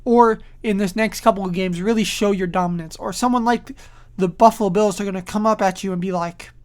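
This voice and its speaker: A woman's voice: medium pitch, fairly quick, darkish tone. A woman hosting a casual solo sports podcast, giving opinionated, rambling commentary full of fillers and restarts, sleepy and yawning as she talks.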